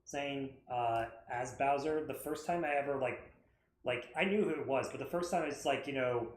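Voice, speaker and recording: A man's voice: medium pitch, moderate pace, slight background noise. Hesitant man chatting in an echoey room. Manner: hesitant, searching for words. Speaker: stream co-host. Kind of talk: casual movie discussion.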